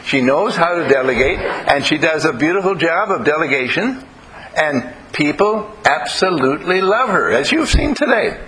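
A man, a minister, giving a lively sermon full of stories, playful and acting out little voices. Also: fairly high pitch, normal speed, slight background noise, low-quality recording. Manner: animated, playful, acts out voices in anecdotes.

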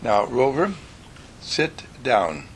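A man voicing a calm, firm man who patiently gives orders to a dog in a told story. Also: medium pitch, slight background noise, full character voice. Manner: slow, patient, commanding.

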